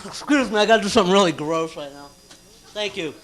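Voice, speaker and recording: Man, very high voice, young comic, nervous animated stand-up, small cafe stage. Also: fast talker. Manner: nervous, animated joke telling with sung bits. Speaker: stand-up comedian. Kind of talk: stand-up comedy routine.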